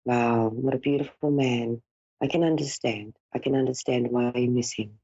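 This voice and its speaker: A woman's voice: rumbling low, steady tone, normal speed, mellow, slightly rough, no room sound. Soothing woman psychic. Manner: soothing, reassuring, calls caller dear and darling. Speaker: psychic medium host. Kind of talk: live psychic reading. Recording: dull lo-fi broadcast audio.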